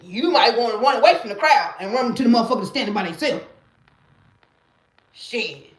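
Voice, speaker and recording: A woman's voice: on the high side, lively intonation, moderate pace, roomy sound. A woman, talking emphatically and profanely in a casual live-stream monologue, repeating her catchphrases. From Mississippi, US. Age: late 30s. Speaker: livestreamer.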